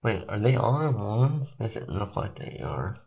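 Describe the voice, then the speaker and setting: Goofy, animated streamer man, lo-fi mic. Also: on the low side, normal speed, creaky. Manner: goofy, joking, giggles a lot. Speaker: game streamer. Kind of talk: casual live-stream chat.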